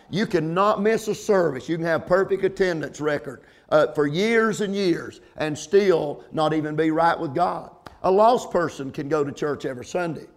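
High-voiced preaching man. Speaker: pastor. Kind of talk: sermon.

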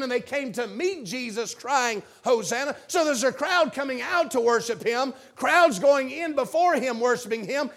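A man preaches in church with a strikingly high-pitched voice. He delivers a fervent revival sermon, moving from hushed, low asides to loud shouted appeals to the congregation.

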